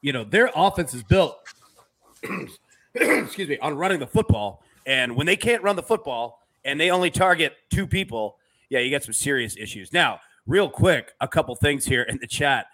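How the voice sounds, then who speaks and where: A man's voice: on the high side, lively intonation, moderate pace, a bit bright. A man hosting a sports betting podcast, talking loosely with lots of fillers and reading viewer comments aloud. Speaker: podcast host. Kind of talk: casual sports betting chat.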